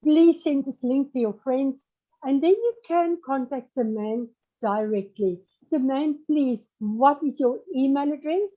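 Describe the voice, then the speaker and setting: A woman's voice: high-pitched, a little slow. A woman hosting a family ministry show, eagerly asking questions and recapping what the guest said. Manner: eager, asks strings of questions. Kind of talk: interviewer wrapping up with a recap. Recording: dull lo-fi audio.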